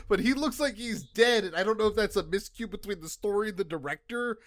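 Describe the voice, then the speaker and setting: A man's voice: high voice, brisk, few pauses, a bit bright. A man casually retelling a movie's story for a review podcast, laughing often and acting out lines. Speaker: podcast co-host.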